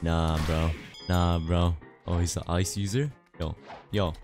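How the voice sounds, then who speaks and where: A young man giving casual commentary over his own gameplay, excitable and laughing, repeating short phrases. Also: low voice, unhurried, faint music behind. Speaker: gaming youtuber.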